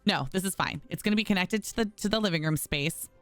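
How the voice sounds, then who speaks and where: On the low side but fairly bright, a woman talks at a quick pace with no echo and faint music behind. She's a streamer casually commenting on a home-building game, chatty, often frustrated, and calling viewers y'all.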